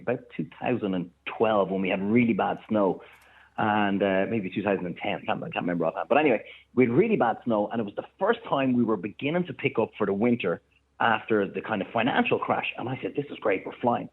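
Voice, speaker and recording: An Irish man, a chef and restaurant owner, telling stories in a lively way on the radio and acting out the people he quotes. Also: fairly low pitch, breathy edge. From Ireland. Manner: animated anecdote-teller, acts out quoted voices. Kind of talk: casual radio storytelling. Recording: thin phone-line sound.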